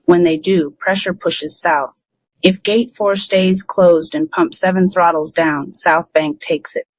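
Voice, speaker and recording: A man's voice: high voice, steady tone, takes it slowly, no echo, rough recording. A storyteller voicing a blunt man who asks pointed, direct questions, in a dry, close audiobook recording. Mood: grave.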